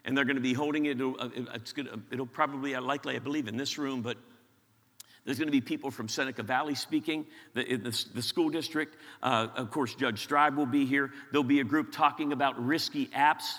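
Energetic pastor in a reverberant hall. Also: male voice, medium pitch, fairly quick. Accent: western Pennsylvania. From western Pennsylvania. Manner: energetic, repeats words when excited. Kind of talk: sermon announcements. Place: large church auditorium.

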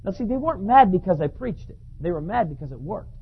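A man preaching a sermon, telling a story in an animated way and often repeating words. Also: sits high, fast talker, breathy edge. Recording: dull lo-fi recording.

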